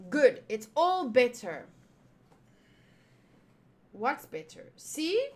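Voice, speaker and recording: Woman host, casual readthrough, high animated voice, slow and playful. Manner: chatty, playful asides. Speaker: channel host.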